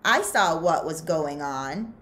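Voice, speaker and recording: A woman voicing an adult male camp counselor who urges and yells orders, in a storybook reading. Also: sits low, animated, slow pace, full character voice. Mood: urging. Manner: urging, then yelling orders.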